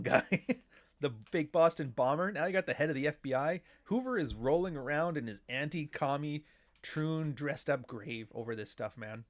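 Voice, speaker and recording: A middle-aged man from Canada hosts a casual livestream commentary. He rambles from point to point, swears freely and keeps a dry, sardonic edge in his talk. His pitch sits in the middle for a man. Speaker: show host.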